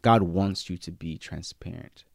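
Man, preacher, sermon, dry close sound, loud peaks and hushed stretches, casual slang. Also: unhurried, creaky, dry recording. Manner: swings from loud emphatic peaks to quiet, low-key passages.

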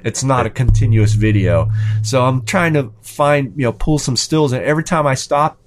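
A man's voice: mid-range voice, normal speed. A man with a thirteen-year-old son, telling a casual anecdote with lots of fillers and restarts. His voice climbs sharply when he quotes himself or his son. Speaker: storyteller in a hobby chat.

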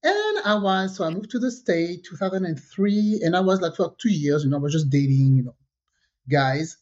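Woman telling a lively story. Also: fairly low pitch, moderate pace. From French Caribbean. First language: French. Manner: lively storyteller who acts out quoted dialogue. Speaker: podcast co-host. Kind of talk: casual storytelling chat. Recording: dull lo-fi podcast audio.

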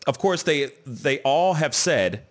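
A man hosting a casual podcast, talking in a loose, animated way, peppered with "you know what I'm saying" and "bruh". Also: fairly high pitch, slow pace. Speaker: podcast host. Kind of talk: casual chat.

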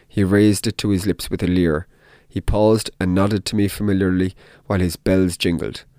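Deep-voiced man reading a dark tale. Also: little pitch movement, moderate pace, no echo, studio quality. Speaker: narrator. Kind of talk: dramatic audiobook reading.

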